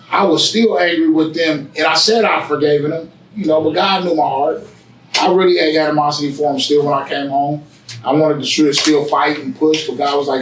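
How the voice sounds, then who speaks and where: A man telling his story in a casual interview, with preachy, animated storytelling and street slang. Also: on the high side, roomy sound, far from the mic, a little hiss or hum, poor audio. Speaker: guest, barbershop owner. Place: barbershop.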